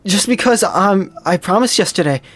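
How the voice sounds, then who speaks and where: Brief: a gentle, reassuring teenage club president, read by a player from a visual novel. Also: medium pitch, lively intonation, normal speed, no room sound, faint music behind, voice pushed up. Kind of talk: reading a visual novel aloud.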